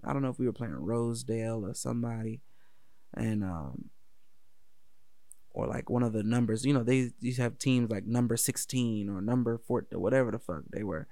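Gravelly laid-back man from D.C. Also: medium pitch, a little mellow, no echo, clean studio sound. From Washington, D.C. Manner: laid-back, profane, laughs often. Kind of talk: casual personal storytelling.

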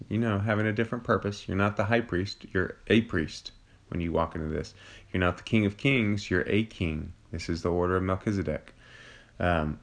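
A man, a father of young children, teaching an informal Bible study in a conversational way, often restarting and searching for words. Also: sits low.

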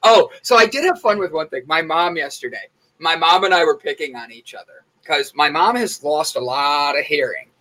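A chatty male host tells rambling morning stories in a relaxed, casual way. His voice sits a bit high for a man and has a bright, forward edge. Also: moderate pace, low-quality recording. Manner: chatty and rambling, with many fillers. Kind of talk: casual chat.

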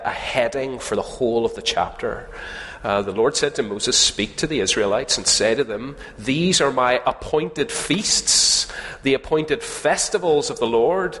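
A man delivers a sermon in an easy, joking, conversational way, turning to put questions to the congregation. His voice sits at a middle pitch for a man. A long reverb trails after each phrase, as in a large church hall. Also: fairly bright tone. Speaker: preacher.

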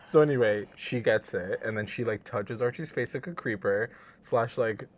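A woman's voice: extremely low pitch, normal speed. A woman chatting casually about a TV episode, acting out the characters' lines and laughing often. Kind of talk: casual chat recapping a TV episode.

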